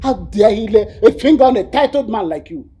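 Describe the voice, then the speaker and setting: A stammering, outraged Nigerian leader, warm dark voice. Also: male voice, high voice, expressive, fairly quick. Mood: defiant. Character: indignant community leader, defiant. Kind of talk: Nollywood film acting.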